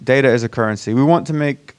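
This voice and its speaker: A man from Virginia with an accent that mixes American and British, giving a casual, self-deprecating startup pitch to a conference audience with many fillers and restarts. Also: fast, a little mellow, clean tone. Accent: mixed American and British. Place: conference room before a live audience.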